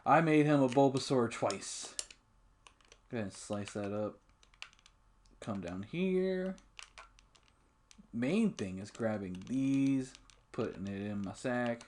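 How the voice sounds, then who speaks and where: Male let's-play host, mid-pitched, relaxed rambling commentary with frequent swearing. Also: slow, pauses often, a little hiss or hum. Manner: relaxed, rambling, swears often, laughs at himself. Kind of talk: casual gameplay commentary.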